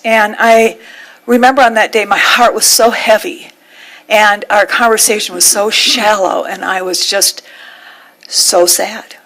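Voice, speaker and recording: A woman minister giving a sermon, telling a heartfelt story with measured pauses. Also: medium pitch, low-quality recording.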